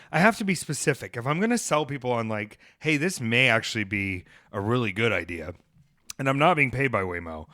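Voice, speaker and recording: Man, podcast host, casual chat, animated storytelling, mid pitch, dry close sound. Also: dry recording. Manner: animated storyteller, bursts into loud acted-out bits. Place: near Atlanta.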